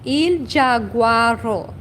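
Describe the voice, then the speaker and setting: A high, lively woman teaches a livestream language lesson at a very slow, careful pace. She says each word twice and stops to correct herself. Faint traffic hums behind her.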